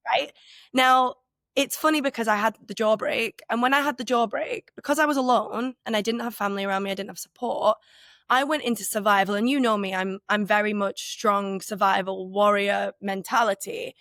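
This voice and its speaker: A woman's voice: medium pitch, fairly bright tone, dry recording. Candid woman podcaster, dry close sound. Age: 30s. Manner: candid, rambling, many filler "like"s; earnest, emotionally open. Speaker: podcast co-host. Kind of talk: casual reflective conversation.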